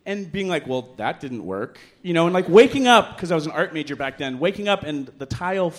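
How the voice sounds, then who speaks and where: Telling a bawdy story live on a bar stage, this middle-aged man is animated and mocks himself, jumping into loud, high voices for the lines other people said. He talks fast.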